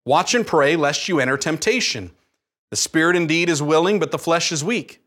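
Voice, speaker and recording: A man preaching a sermon, animated, acting out his own pleading prayers. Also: a little high, moderate pace. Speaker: pastor.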